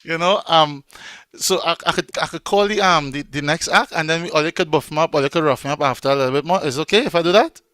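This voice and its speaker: A man's voice: on the high side, fast talker, sharp tone, dry recording. A man with a Trinidadian accent, hosting an online arts show on a video call in a chatty, joking way with many ums. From Trinidad and Tobago. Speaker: host and DJ.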